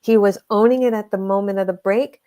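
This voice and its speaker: Mellow-voiced woman telling a healing story. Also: mid-range voice, steady tone. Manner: earnest, emphatic, slows down to stress points. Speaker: guest, energy healer. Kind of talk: conversational storytelling.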